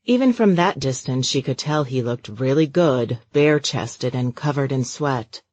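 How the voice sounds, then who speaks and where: Deep-voiced woman narrating a romance audiobook. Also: no room sound. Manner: steady, measured storytelling. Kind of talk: scripted narration.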